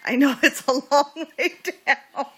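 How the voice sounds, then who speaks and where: A woman's voice: high voice, steady tone, slow pace, fairly bright tone, poor audio. A woman at home talking to her pet cockatoo, teasing and laughing, slipping into cooing baby talk.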